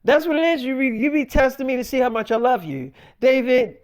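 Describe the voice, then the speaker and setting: A man's voice: expressive, fairly quick, clean tone. A man voicing an outraged, jealous woman who swears and demands answers. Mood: accusing. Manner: profane, shrill, indignant.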